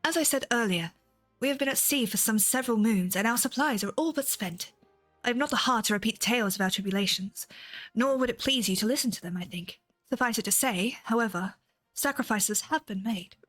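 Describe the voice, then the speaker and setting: A woman voicing a solemn, formal female refugee leader in a game, speaking in a measured, quiet way. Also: a little high, faint music behind. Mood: pleading.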